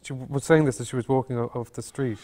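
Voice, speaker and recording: Man, mid-pitched voice, stage actor in a Q&A, hesitant and reflective storyteller. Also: steady tone, dark tone. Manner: halting, thoughtful, circles back on words. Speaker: actor as interview guest.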